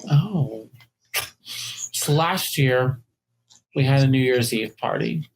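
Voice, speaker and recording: A player in a storytelling game who reads out the questions and tells stories in character. The delivery is very slow and measured, at a middle pitch. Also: a little hiss or hum, poor audio. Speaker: game player asking prompts.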